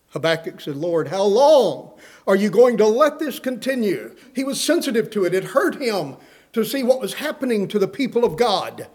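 A man preaching a sermon, earnestly reading scripture aloud and putting questions to his listeners. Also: fairly high pitch.

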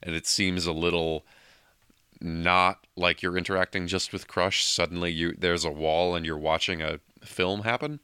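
A man's voice: deep voice, steady tone, moderate pace, bright, forceful tone, clear, resonant tone, no room sound, studio quality. A man co-hosting a podcast in casual chat, talking hesitantly with lots of fillers. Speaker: podcast co-host.

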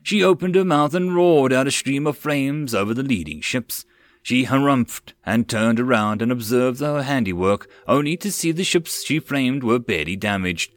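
A man narrating a web novel audiobook, expressive and swinging with the action. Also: mid-range voice, normal speed, no echo. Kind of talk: reading a web novel aloud.

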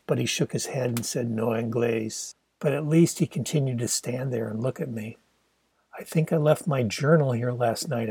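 An older man narrating his own autobiographical novel as a steady, reflective audiobook reading. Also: mid-range voice, slightly rough, no echo.

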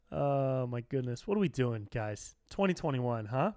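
A man's voice: medium pitch, unhurried, smooth, dry recording, clean studio sound. A young man hosting a solo podcast, ranting in a loose, profane, comic way and leaning hard on words like dude and bro. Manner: profane, animated, slangy, says dude and bro a lot. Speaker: podcast host. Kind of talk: solo comedic rant.

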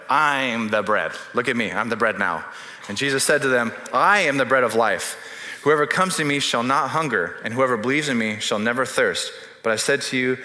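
A man delivers a sermon with a bright, forceful voice, mixing scripture reading with joking, conversational asides. His voice rings through a large church hall with long, echoing reverb. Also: medium pitch. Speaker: pastor.

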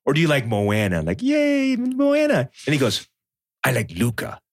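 Man, thirties, lively pitch, storytelling, dry close sound. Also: a little fast, husky, no echo. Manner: storytelling, animated, acts out quotes. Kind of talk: casual chat.

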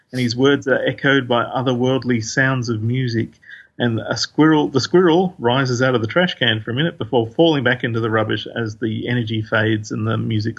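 Husky guy rambling through a comic recap, lots of ums, dull lo-fi sound. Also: medium pitch. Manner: rambling, many fillers, reads quotes aloud. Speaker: podcast host reviewing comics. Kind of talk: casual recap of a comic issue. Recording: dull lo-fi recording.

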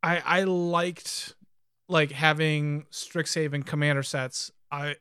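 A man co-hosting a podcast, chatting casually and thinking aloud with many pauses and ums. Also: on the high side, fairly even intonation, bright, forceful tone, smooth, no room sound, studio quality. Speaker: podcast co-host. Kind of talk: casual chat about card games.

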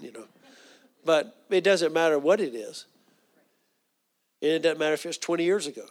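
Folksy preacher, man, earnest and slightly high-voiced, hushes for quoted prayers. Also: expressive, normal speed, pauses often. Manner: folksy, earnest, with asides and restarts; drops to a soft hush for quoted inner prayers. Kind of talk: sermon.

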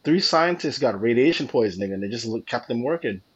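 A man's voice: medium pitch, lively intonation, a little fast, breathy edge, lo-fi sound. A man co-hosting a podcast in casual chat, chiming in with jokes and asides. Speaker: podcast co-host.

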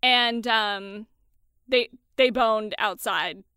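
Chatty bright-voiced young woman. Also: on the high side, extremely slow, clean tone, no room sound, clean studio sound. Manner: chatty, animated, swears casually, acts out quotes. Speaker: podcast co-host. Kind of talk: casual chat recapping a movie.

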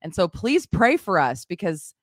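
A woman hosting a casual morning show over a video call, bubbly and quick to laugh. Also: fairly low pitch, sing-song, dry recording, studio quality. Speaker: show host.

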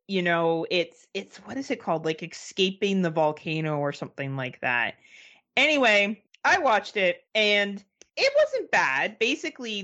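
Woman, forties, from Canada; laid-back podcast co-host, a little low-pitched, chatty, swears freely. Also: a bit bright, dull audio. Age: 40s. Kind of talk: casual chat.

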